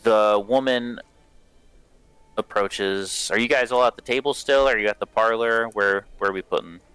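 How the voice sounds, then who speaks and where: A man's voice: fairly low pitch, normal speed, fairly bright tone, clear, resonant tone, no echo, faint music behind. A man narrating as game master of a tabletop game, in a casual, rambling way with many fillers.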